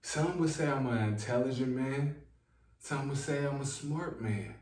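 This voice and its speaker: Slow-drawling man lecturing viewers. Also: medium pitch, darkish tone, distant mic. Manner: drawling, preachy, repeats himself for emphasis. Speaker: online self-help talker. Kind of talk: slow rambling monologue to viewers. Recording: echoey room, voice set back from the mic.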